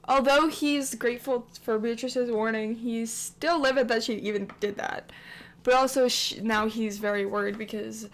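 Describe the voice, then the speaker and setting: A woman's voice: on the high side, fairly bright tone. A woman hosting a game channel, narrating her life-sim story in a rambling, chatty way with lots of filler words. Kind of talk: casual let's-play commentary.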